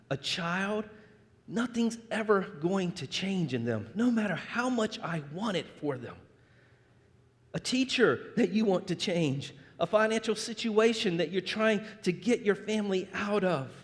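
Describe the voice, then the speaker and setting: High-voiced male pastor preaching. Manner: conversational, animated, joking with the congregation. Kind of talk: sermon. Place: church sanctuary. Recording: reverberant church hall.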